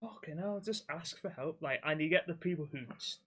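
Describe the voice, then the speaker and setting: A man's voice: on the high side, a little fast, a bit bright, slightly rough. A young man, a podcast co-host telling blunt, sweary stories from his axe-throwing job in casual chat.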